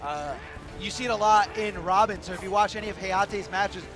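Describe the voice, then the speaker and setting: A man with a voice going hoarse, giving live commentary at a fighting game tournament and explaining things, correcting himself as he goes. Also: high voice, normal speed. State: hoarse, losing his voice. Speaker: esports commentator. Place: tournament venue. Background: music.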